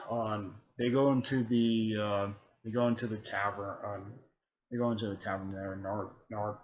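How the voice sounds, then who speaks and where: A man giving a casual, rambling recap full of filler words, often clearing his throat. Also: lowish voice, flat delivery, moderate pace. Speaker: host recapping a fan series. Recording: dull lo-fi recording.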